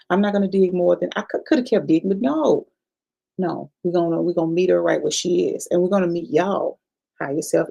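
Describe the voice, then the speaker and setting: A woman's voice: on the low side, gravelly, warm tone, husky, poor audio. A woman practitioner giving a chatty, profane review of a past life regression session to her viewers, repeating herself and calling them y'all. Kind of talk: casual livestream review talk.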